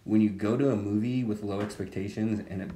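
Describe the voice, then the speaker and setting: A man with a slightly low voice talks excitedly about a film he loved, swearing and rambling in a casual podcast chat. The room sounds roomy and a little echoey, with a faint hiss underneath. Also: fairly quick. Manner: enthusiastic, swears freely, rambling movie recommendation. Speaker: podcast co-host.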